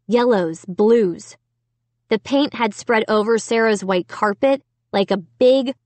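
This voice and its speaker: A woman narrating a children's book in an unhurried, expressive first-person telling. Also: on the high side, no echo. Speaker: audiobook narrator. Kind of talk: storybook narration.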